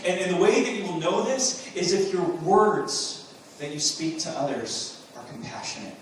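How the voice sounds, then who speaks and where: A man preaches from the pulpit in an earnest voice, slightly high for a man, asking rhetorical questions and pressing points with emphatic bursts. His voice rings through a very echoey sanctuary, picked up from some distance. Faint room hum sits underneath. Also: animated, normal speed. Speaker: pastor. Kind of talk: sermon.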